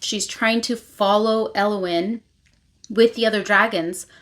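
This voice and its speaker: A woman's voice: medium pitch, steady tone, a little slow, a bit bright. A woman in a casual book vlog, recapping a fantasy novel in a chatty way with lots of filler words. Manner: chatty, with lots of "like" and "you know". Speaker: book vlogger.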